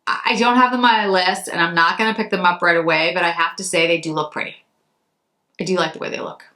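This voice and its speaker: A Massachusetts beauty vlogger talks casually about products, her voice fairly low with a quick pace and mostly even intonation. Her tone is bright and forceful, and she rambles, chats, and corrects herself along the way.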